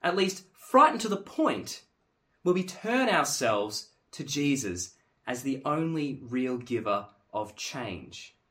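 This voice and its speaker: A man preaching a sermon in an earnest, emphatic way, dropping to hushed tones and then rising to forceful stress. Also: mid-range voice, sing-song, slow.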